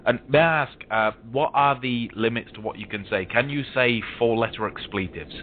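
A British man calling in to a talk show, joking crudely in a deadpan way. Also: medium pitch, brisk, hardly any pauses, a little hiss or hum. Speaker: caller. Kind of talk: casual call-in chat. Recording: phone-line audio.

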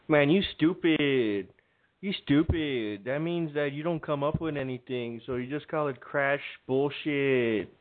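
A man voicing a scornful male heckler who mocks and insults, slower and higher than his own voice. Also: close to an everyday voice. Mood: mocking. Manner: mocking, insulting. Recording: phone-like lo-fi with faint music.

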